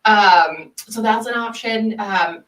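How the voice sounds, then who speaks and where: A woman answering interview questions as a nonprofit leader, friendly and measured, with frequent fillers. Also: mid-range voice, fairly bright tone. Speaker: nonprofit executive guest. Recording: echoey room, mic at a distance.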